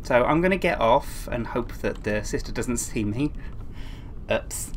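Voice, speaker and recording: A woman's voice: extremely low pitch, expressive, a little slow, a little hiss or hum. A young woman commentating a horror game, jumpy and swearing when scared, with dry asides. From England. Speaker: gaming YouTuber. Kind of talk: let's play commentary.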